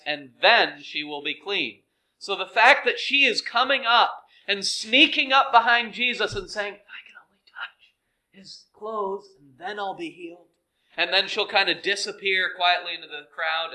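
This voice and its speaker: A man preaching a sermon, earnest and measured, dropping to soft, hushed phrases for emphasis. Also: sits high, low-quality recording. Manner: slow, earnest, with dramatic soft drops.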